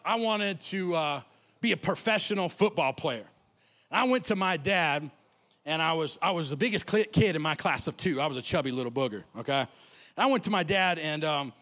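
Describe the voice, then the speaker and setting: A man gives a comic motivational talk from a festival stage. His voice sits high and swings widely as he tells stories in casual slang, with very animated, expressive delivery. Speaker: motivational speaker.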